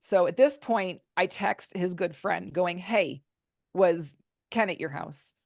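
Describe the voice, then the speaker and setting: A woman's voice: fairly low pitch, slow, vocal fry, no room sound, studio quality. A woman guest candidly recounting a personal story in an interview, acting out quotes as she goes. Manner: candid, animated retelling with acted-out quotes. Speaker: podcast guest, author.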